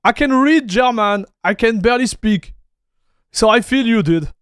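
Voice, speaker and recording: A man's voice: very high-pitched, animated, moderate pace, a bit bright, clean tone, no room sound, studio quality. A man from France with a French accent, chatting casually with his live-stream chat as a tech streamer, laid-back and calling everyone "dude". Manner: laid-back, says "dude" a lot, reads chat aloud.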